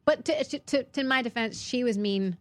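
A woman chatting casually as a co-host, an animated storyteller whose voice jumps high when she retells arguments. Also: moderate pace. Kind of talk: casual chat.

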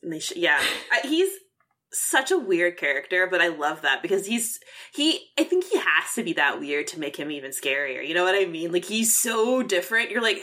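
A woman co-hosting a podcast, chatting casually about a horror film, animated and swearing freely, acting out lines from scenes. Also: lowish voice, fairly quick. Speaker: podcast co-host.

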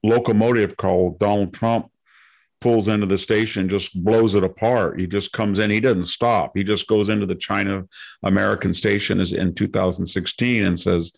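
A man co-hosting a podcast who tells a long personal story in a measured, conversational way. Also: fairly low pitch, steady tone, creaky. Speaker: podcast co-host.

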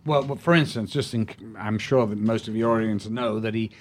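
An older man, an actor being interviewed, telling stories in a rambling, halting way with many restarts. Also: lowish voice. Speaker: actor, guest. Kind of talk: anecdotal storytelling in an interview.

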